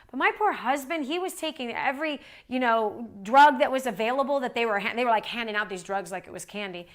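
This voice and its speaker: A Christian woman with a high-pitched, somewhat bright voice preaches a storytelling sermon in a conversational way. She repeats phrases for emphasis and drops in tag questions like "right?"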